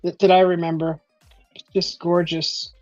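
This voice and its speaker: With a fairly low, slightly mellow voice and a level tone, a Californian woman hosts a casual chat at a moderate pace, rambling with many fillers and laughing often. The recording is dry, and the stream audio is dull and lo-fi with faint music.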